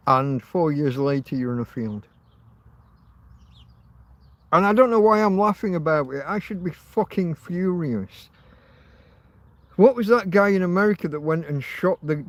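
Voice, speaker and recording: A man's voice: a little high, normal speed, no echo. A man hosting a casual livestream, rambling, laughing often and swearing. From Britain. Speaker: livestream host.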